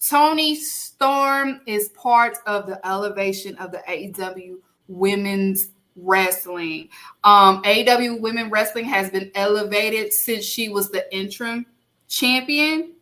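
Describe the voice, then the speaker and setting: A woman's voice: medium pitch, measured pace, bright, forceful tone. A young woman hosting a podcast, announcing award winners in playful, casual chat. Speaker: podcast host.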